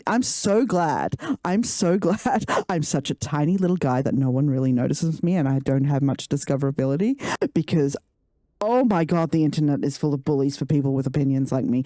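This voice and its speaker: A woman's voice: deep voice, mellow, no echo, clean studio sound. A woman live-streaming a game, ranting and swearing in casual chat with her viewers. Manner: profane, ranting, laughing.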